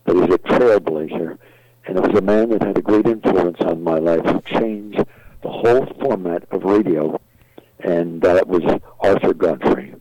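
Deep gravelly older man telling stories. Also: normal speed, warm tone, dry recording. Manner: rambling, many fillers and restarts. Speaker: guest entertainer. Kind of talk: interview storytelling. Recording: dull, dry lo-fi audio.

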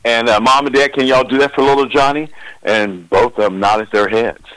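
Folksy older man, bright voice. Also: medium pitch, normal speed, clean tone, no echo, low-quality recording. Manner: folksy storyteller, acts out children's voices. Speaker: professional Santa Claus. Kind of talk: interview answers, anecdotes.

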